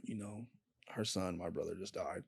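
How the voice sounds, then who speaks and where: A young man, a podcast guest, telling a painful personal story in a candid, halting way and swearing freely. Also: sits low, fairly even intonation, gravelly, breathy edge, dry recording, studio quality. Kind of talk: casual storytelling.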